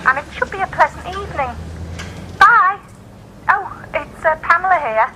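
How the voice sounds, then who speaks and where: An actress playing a snobbish suburban housewife who is easily flustered, huffy in private and sweetly polite on the phone, in studio sitcom style. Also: female voice, extremely high pitch, lively intonation, moderate pace. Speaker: sitcom character, hostess planning a dinner party. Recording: studio audience laughter, background noise.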